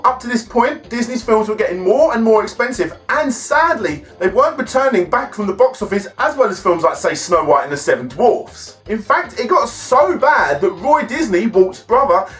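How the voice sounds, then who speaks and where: A man's voice: high voice, a bit bright. A man hosting a film and game review, chatty and enthusiastic. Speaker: host.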